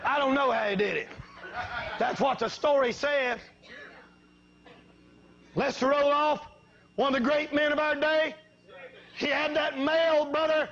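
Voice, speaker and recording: High-voiced preacher man, shouting revival sermon. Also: steady tone, a little slow, long pauses, highs cut off. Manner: folksy storytelling that builds to shouting.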